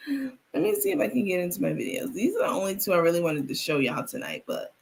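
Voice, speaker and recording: A woman's voice: mid-range voice, huge pitch swings, moderate pace, vocal fry. A woman hosting a live stream, chatting casually and reading viewer comments aloud with frequent restarts.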